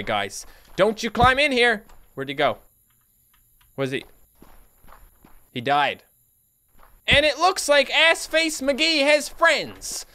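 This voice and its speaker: A young man commenting on his own gameplay for viewers, excitable and jokey, with sudden loud outbursts. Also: slight background noise. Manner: excitable, jokey, talks to viewers, big pitch jumps. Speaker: gaming YouTuber. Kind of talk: let's play commentary.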